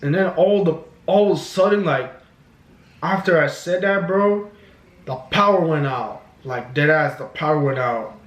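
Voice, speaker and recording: Man, storytime vlog, slangy and profane, lots of fillers, slightly high voice, echoey room. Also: unhurried. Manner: casual, profane, filler-heavy. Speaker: vlogger. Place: at home.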